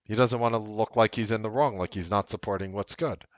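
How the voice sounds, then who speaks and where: A man's voice: fairly low pitch, fairly quick, no echo. A man hosting a trading show, giving casual, rambling market commentary with blunt language. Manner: animated, rambling, blunt with profanity.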